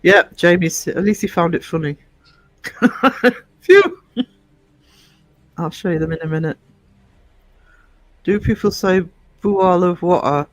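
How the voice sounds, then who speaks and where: A man's voice: fairly high pitch, steady tone, moderate pace, long pauses, no room sound, low-quality recording. A man with a northern English accent hosting a livestream, chatting playfully and laughing often. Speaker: livestream host. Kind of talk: casual chat.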